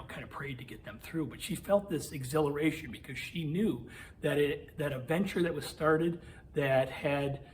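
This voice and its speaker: A man tells a saint's story to teenagers in a loose, conversational way, slipping into quoted voices. His pitch sits in the middle range. A faint hiss runs under the recording. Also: poor audio. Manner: chatty, lots of "like" and quoted asides. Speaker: youth ministry presenter. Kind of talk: casual storytelling talk to teens. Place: parish meeting room.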